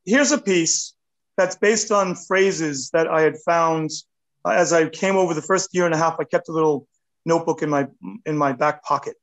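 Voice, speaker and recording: A man in his fifties chats as an interview guest, rambling and self-deprecating. His voice sits a little high for a man. He gets animated as he talks. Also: moderate pace, rough recording. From United States. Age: 50s. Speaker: artist guest. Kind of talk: casual interview chat.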